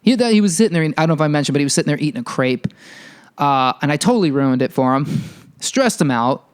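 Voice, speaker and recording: A male podcast host launches into a heated, profane rant, telling a story with animated energy. His voice is fairly high, fast and clear, with a resonant tone.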